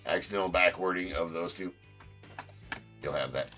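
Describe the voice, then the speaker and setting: Deep-voiced chatty card break host. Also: male voice, moderate pace, sharp tone, faint music behind. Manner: loose, chatty, swears then apologizes jokingly. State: sore tooth. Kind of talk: live-stream card break chat.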